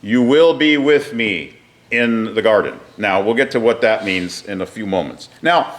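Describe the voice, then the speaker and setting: A man's voice: lowish voice, measured pace, slight background noise. A man teaching a Bible class, explaining a passage step by step and putting questions to his listeners.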